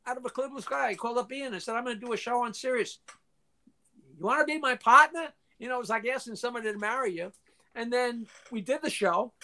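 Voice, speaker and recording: An older man, a guest in a casual interview, tells long anecdotes full of restarts, swearing and acted-out quotes, clearing his throat now and then. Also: high-pitched, a bit bright. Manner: profane, frequently clears throat.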